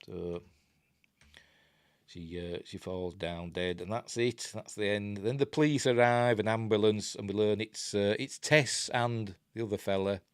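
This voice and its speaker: A man's voice: on the low side, measured pace, clean tone, dry recording, studio quality. An older man with a Yorkshire accent, casually talking through a film review with rambling, self-interrupting chat and wry asides. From Yorkshire, England.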